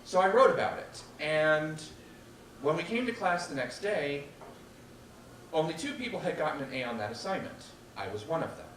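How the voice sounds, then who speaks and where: A man telling a true personal story to a live audience, wry and animated, acting out the voices of others. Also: on the high side, moderate pace. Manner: animated and wry, acts out quotes. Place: stage at a public storytelling night. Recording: echoey room, distant mic, background noise.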